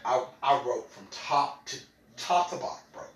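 Mock-solemn student, low and deliberate, voiced by a man, in a roomy space. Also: animated, distant mic, natural voice. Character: young male student making slow solemn excuses. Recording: roomy, away from mic.

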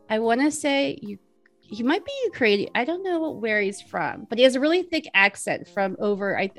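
Chatty woman in her forties, laughs a lot. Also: a little high. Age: 40s. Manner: chatty, giggly, rambling with many fillers. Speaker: guest. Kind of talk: casual interview chat.

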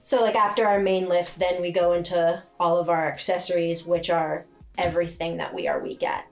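Woman coach talking plainly, lowish voice. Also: level tone, moderate pace, faint music behind. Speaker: gym owner and strength coach. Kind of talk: casual podcast chat.

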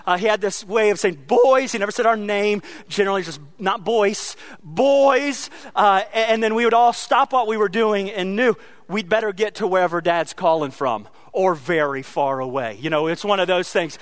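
A man preaching a sermon as pastor, earnest, often repeating words and slowing down to stress a line. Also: high voice, a bit bright, dry recording.

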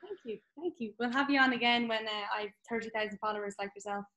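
A woman with a fairly high voice hosts a relaxed interview. She agrees with her guest often and talks with open enthusiasm. Her questions and comments come across as easy and chatty. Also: fast talker. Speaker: podcast host. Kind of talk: casual interview.

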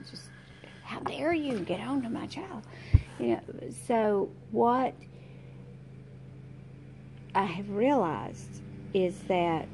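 A woman's voice: on the low side, background noise. A middle-aged woman teaching an informal Bible study, talking conversationally, searching aloud for verses and reading scripture aloud.

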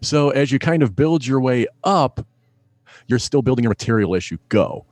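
Animated, laughing stand-up comedian man. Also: mid-range voice, moderate pace, dry recording. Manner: animated anecdote-telling, laughs often, acts out voices in quotes. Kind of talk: storytelling in a podcast interview.

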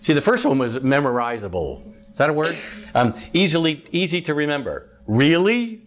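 A man's voice: a little high, very animated, moderate pace. Chatty male campus minister teaching. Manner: chatty, asks the audience questions, frequent ums. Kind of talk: conversational teaching talk to a live audience.

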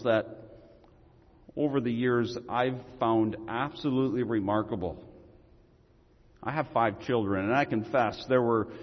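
A man preaching a sermon as pastor, with emphatic delivery and deliberate dramatic pauses. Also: mid-range voice, in a large hall, muffled recording.

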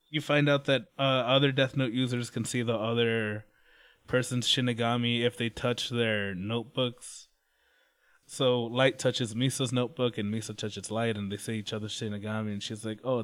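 A man's voice: mid-range voice, fairly bright tone, clear, resonant tone. A man casually recapping a story, rambling, swearing and laughing along. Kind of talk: casual chat.

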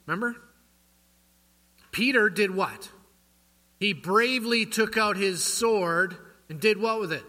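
A man's voice: high voice, sharp tone. A male pastor preaching a sermon in a church, quizzing the congregation with rhetorical questions. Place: church sanctuary. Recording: long church hall reverb.

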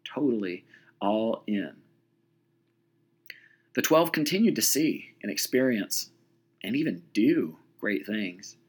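Male preacher, husky, mid-pitched, animated storytelling sermon. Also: measured pace.

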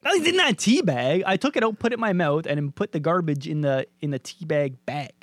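Animated, laughing young male podcaster. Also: a little high, a little fast, no room sound. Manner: animated storyteller, laughs often. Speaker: podcast co-host. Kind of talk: casual comedic chat.

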